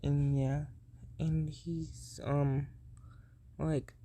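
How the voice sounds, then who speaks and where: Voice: mid-range voice, little pitch movement, drawn-out words, dark tone. A young adult casually retelling an invented anime story, rambling and hesitant, restarting sentences and making up names as they go. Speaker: fan storyteller.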